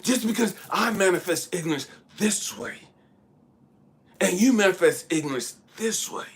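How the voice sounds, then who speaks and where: A man's voice: sits high, expressive, moderate pace, breathy edge. A man giving a blunt, profane spiritual monologue, preaching hard and at times dropping into a whisper. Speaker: spiritual speaker.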